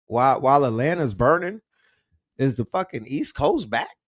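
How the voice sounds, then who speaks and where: A man hosting a casual livestream, talking in slang and shouting out the cities his viewers are watching from. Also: medium pitch, animated, moderate pace, no echo, studio quality. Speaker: livestream host.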